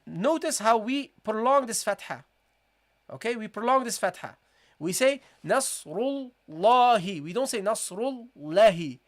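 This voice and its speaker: A recitation teacher runs a live online tajweed lesson in a mid-pitched voice. The teacher drills each syllable slowly and repeats every rule. The teacher also keeps addressing viewers as "guys" and urges them to answer in the chat. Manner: repetitive, keeps calling the audience "guys"; asks for chat responses, encouraging.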